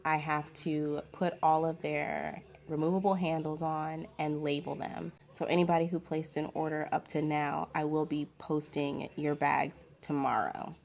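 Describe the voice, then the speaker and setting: Low-voiced woman chatting casually. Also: flat delivery, measured pace, creaky, few pauses, a little mellow. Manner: chatty, rambling with fillers. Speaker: vlogger. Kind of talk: casual chat. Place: home.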